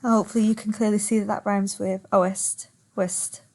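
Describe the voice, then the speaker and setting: A woman's voice: mid-range voice, level tone, moderate pace, a little mellow. Patient woman teaching online. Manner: patient, explains step by step, stretches words to show stress. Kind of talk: recorded online lesson.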